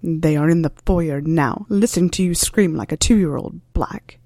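A woman voicing a stern, sardonic male wizard with a dry, measured delivery. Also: low voice, warm tone, no room sound. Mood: cold.

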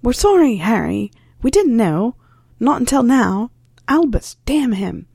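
A woman's voice: a little high, big pitch swings, unhurried, gravelly, darkish tone, slightly rough, dry recording, clean studio sound, pitched above the performer's own voice, exaggerated voice. A woman voicing a worn, impulsive male wizard who speaks in a raised, emotional voice. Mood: overwrought. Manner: raised, overwrought.

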